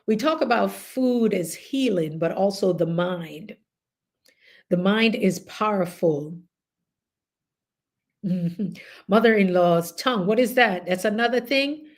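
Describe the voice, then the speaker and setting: A woman's voice: on the low side, takes it slowly, long pauses. A middle-aged woman with a Jamaican accent, chatting casually as host and telling stories with laughter. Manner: animated, laughing, chatty storytelling. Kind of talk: casual group chat.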